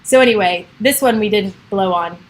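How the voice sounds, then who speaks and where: This realtor, a middle-aged woman, talks at a normal speed in a mid-range voice during a relaxed home livestream. Her chat to followers rambles, full of giggles and tangents.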